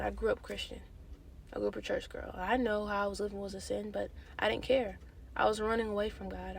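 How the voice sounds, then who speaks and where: Gravelly, bright-voiced young woman vlogger. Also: medium pitch. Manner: candid, animated, slangy storytelling. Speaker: vlogger sharing a faith testimony. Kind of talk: casual testimony.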